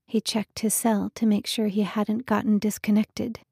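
A woman narrating a romance novel in a calm, measured audiobook reading. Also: mid-range voice, creaky, slightly rough, dry recording, clean studio sound. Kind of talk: scripted narration.

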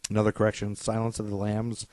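A middle-aged man co-hosting a podcast, rambling through deadpan self-mocking corrections in casual banter. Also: fairly low pitch, fast, no room sound. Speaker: podcast co-host.

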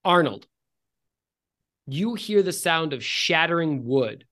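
Slow, drawling game master, a man. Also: fairly high pitch, animated, a bit bright. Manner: drawn-out, halting narration, swearing when flustered. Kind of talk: narrating a tabletop game over a voice call.

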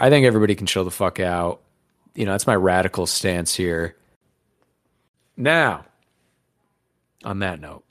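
A man's voice: lowish voice, no room sound, studio quality. A man hosting a podcast in casual chat, crude, rambling and joking. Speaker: podcast host.

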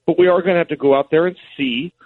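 A man giving rapid, emphatic sports analysis as a guest on a radio show, calling in by phone and repeating words as he restarts. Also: a little high, no echo. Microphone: phone call. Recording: tinny phone line.

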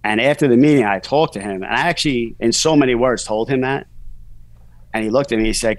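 A man's voice: mid-range voice, fast talker, dry recording, rough recording. A man in his forties, a guest author, telling a personal story in a casual, rambling way, full of "you know" fillers.

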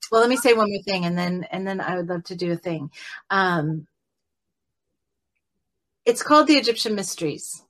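A woman teacher leading a guided meditation in a gentle, rambling way, often adding "right?" and slowing down and softening as she guides the breathing. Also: fairly low pitch. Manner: rambling, with many fillers and tag "right?".

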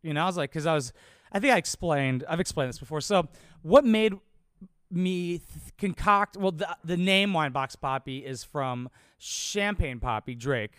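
A man's voice: on the high side, normal speed, fairly bright tone, clean tone, no echo, clean studio sound. A young adult man, a comedian, rambling casually and cursing freely in a solo monologue. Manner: rambling, profane, laid-back.

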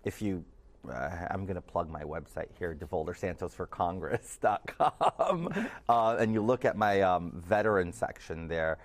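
A man's voice: sits low, animated, measured pace. A man hosting a casual political chat, laughing often and repeating words as he goes. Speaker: podcast host and political candidate.

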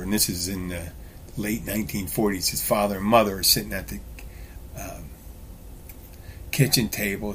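A man's voice: fairly low pitch, fairly bright tone, slight background noise. A man hosting a talk show, telling bar stories in a blunt, rambling, profane way with lots of restarts. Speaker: podcast host. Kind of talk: casual solo monologue.

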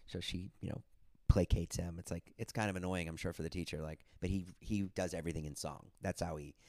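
A man's voice: deep voice, fairly even intonation, fairly quick, a little mellow, no room sound, clean studio sound. A man in his forties hosting a podcast, telling stories animatedly and swearing freely. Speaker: podcast host. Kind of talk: casual chat.

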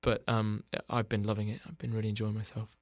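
An English man in his thirties, an actor chatting in an interview with dry, self-mocking humor and many halting fillers. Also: on the low side, completely flat delivery, no room sound. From England. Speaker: actor guest. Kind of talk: casual interview chat.

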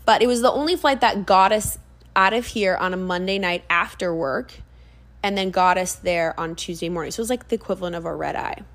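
A young woman chatting on her own podcast in a loose, animated way. She fills the talk with ums and quick side remarks. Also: fairly low pitch. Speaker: podcast host. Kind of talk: casual solo podcast chat.

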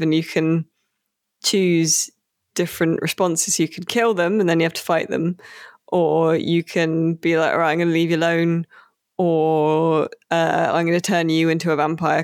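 A podcast co-host chatting casually about a game, rambling with many fillers and slowing down on key words. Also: medium pitch, dry recording, studio quality.

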